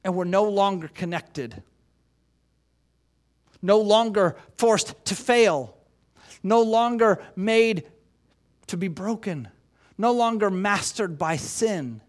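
A man's voice: high voice, slow pace, pauses often. A man preaching a sermon as pastor, emphatic, asking rhetorical questions and repeating key phrases.

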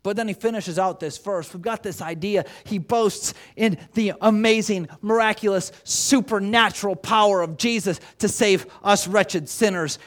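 A man's voice: high voice, normal speed, hardly any pauses. A man preaching a sermon as pastor, emphatic, asking rhetorical questions and repeating key phrases.

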